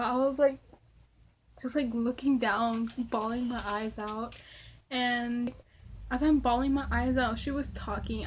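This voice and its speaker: A young woman vlogger with a slightly high voice answers Q&A questions and rambles through a story, swearing casually and saying "like" a lot. There's a faint hiss or hum on the recording.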